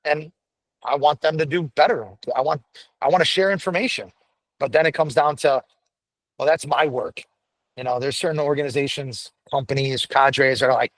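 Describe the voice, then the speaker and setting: A middle-aged man with a gruff voice, pitched a little high, talks bluntly and profanely in an animated, casual chat. He sounds close and dry, with no room around him. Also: moderate pace, no echo, low-quality recording. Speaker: podcast guest, firefighter paramedic.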